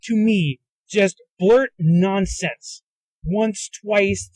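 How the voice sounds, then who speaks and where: Man, podcast host, angry profane rant, high voice, dry close sound, recorded in a car. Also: lively intonation, normal speed, dry recording, low-quality recording. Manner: agitated, profane, ranting. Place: inside a moving car. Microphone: handheld recorder in a car.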